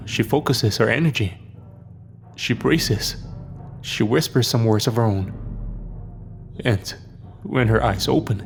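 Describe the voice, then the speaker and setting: A man's voice: medium pitch, gravelly. A man narrating a scripted first-person horror story. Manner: dramatic first-person storytelling, lines for each character read aloud.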